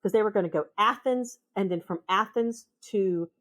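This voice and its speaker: A woman with a Minnesota accent, a podcast guest telling travel stories in a casual, animated way. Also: mid-range voice, moderate pace. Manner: animated, acts out voices in her anecdotes. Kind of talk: casual storytelling conversation.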